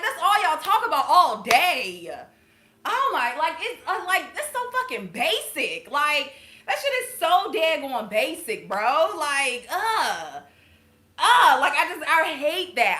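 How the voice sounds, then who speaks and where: A woman's voice: high-pitched, pushed and bright, roomy sound. A woman hosting her channel and giving a casual spiritual reading to viewers, talking bluntly and swearing freely between laughs. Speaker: intuitive reader and channel host.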